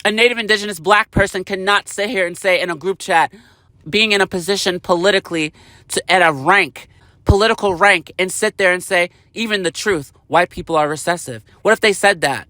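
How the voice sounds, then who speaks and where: A man's voice: high voice, fairly quick, sharp tone, no room sound, studio quality. A man delivering a heated, profane political rant to camera, hammering his points with emphatic repetition. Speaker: vlogger.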